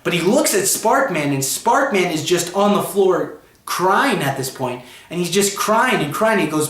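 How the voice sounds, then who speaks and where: A man's voice: high voice, very animated, measured pace, fairly bright tone, roomy sound. A man reviewing a comic book, rambling through the plot with a string of ands and you-knows. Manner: rambling retelling, chained with "and" and "you know". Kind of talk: casual plot recap vlog.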